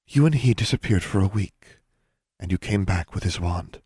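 A man voicing a calm, stern older witch inquisitor in an audiobook, speaking in an even, measured tone. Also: low-pitched, slightly rough, dry recording, clean studio sound, pitched above the performer's own voice. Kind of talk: audiobook narration.

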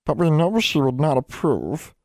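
Male reader doing squeaky, anxious house elves, servile, broken grammar, clearly lifted higher. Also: sing-song, normal speed, a little mellow, no room sound, studio quality. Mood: fretful. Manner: squeaky, fretful, ungrammatical speech.

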